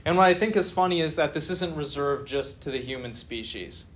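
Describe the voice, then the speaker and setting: A man's voice: on the high side, a little fast, dull audio, a little hiss or hum. A male philosophy professor giving a classroom lecture, reading a text aloud and then joking with students and asking them questions. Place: university classroom.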